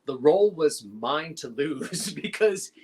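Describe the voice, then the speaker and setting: A middle-aged man, an actor as a guest in a casual interview, telling animated anecdotes with quick laughs. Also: a little high, slight background noise.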